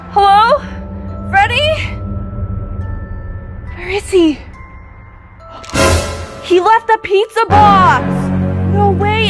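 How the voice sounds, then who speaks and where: A young woman vlogging a dramatic skit at home at night, talking excitably with lots of filler words. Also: very high voice. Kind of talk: scripted skit vlog.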